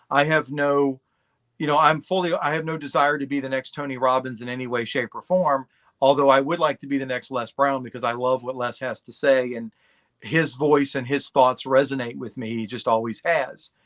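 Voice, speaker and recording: A man's voice: medium pitch, a bit bright. A middle-aged man talking candidly and bluntly as a guest in a casual interview. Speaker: podcast guest.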